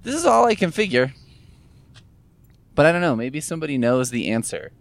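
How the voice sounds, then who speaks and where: A man's voice: a little high, sing-song, a little fast, gravelly, no echo. A man talking casually to camera in a rambling, musing monologue, sore from recent gum surgery, swearing offhandedly as he thinks aloud. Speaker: vlogger. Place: in a car.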